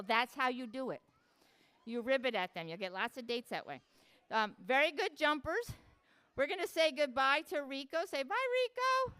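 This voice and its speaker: A woman's voice: fairly high pitch, a bit bright, clean tone. A woman animal educator leading a playful live show for children, asking the kids lots of questions as she presents animals in a public hall.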